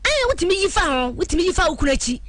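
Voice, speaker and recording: A woman with a Ghanaian accent chatting casually with the host, playful and halting in English. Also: very high voice, sing-song, fairly bright tone, no room sound. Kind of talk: casual chat.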